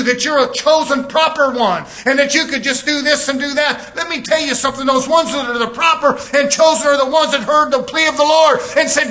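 A man preaching a fiery sermon, shouting and driving his points home with rising intensity. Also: extremely high pitch.

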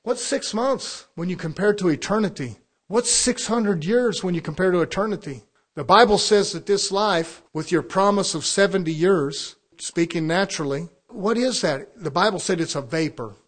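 A man's voice: high voice, moderate pace. A man preaching a sermon to a congregation, in a conversational style full of rhetorical questions and acted-out quotes.

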